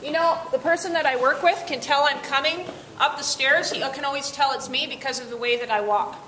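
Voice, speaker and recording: A workshop presenter with a high, slightly bright voice leads an interactive talk for teenagers, speaking a little fast and upbeat as she asks the class questions. The room is echoey, with faint noise.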